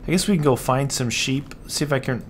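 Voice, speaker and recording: A man's voice: mid-range voice, fairly quick, slightly rough. A man casually commenting on his game, dismayed and often exclaiming to himself as he plays. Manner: dismayed, keeps exclaiming and muttering to himself while playing. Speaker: gaming channel host. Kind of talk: casual let's-play commentary.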